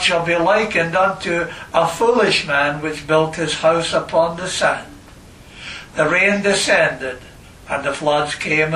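A man preaching a sermon and reading scripture, slow and emphatic, repeating phrases for stress. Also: a little high, pushed and bright, a little hiss or hum. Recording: echoey room, voice from a distance.

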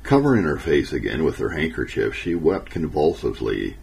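A man narrating an old memoir in a measured, earnest and solemn way. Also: extremely low pitch, sing-song, creaky, a little mellow, husky, rough recording.

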